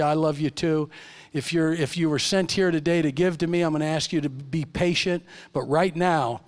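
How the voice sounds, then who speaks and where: Middle-aged male evangelist, high pitch, animated sermon delivery in church. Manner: animated storyteller, shifts from loud to hushed. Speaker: preacher.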